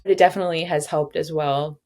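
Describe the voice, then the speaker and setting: A woman's voice: low-pitched, steady tone, fairly quick, over music. A young woman telling her own story in an interview, open and reflective, with light laughs and playful quoted voices. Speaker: patient sharing her story. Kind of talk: candid interview.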